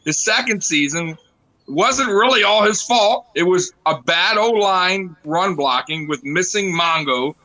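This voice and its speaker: A man's voice: sits high, lively intonation, unhurried, sharp tone, low-quality recording. A middle-aged man, a former football player, arguing his football takes emphatically as a podcast guest. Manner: emphatic, argumentative. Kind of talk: casual sports banter.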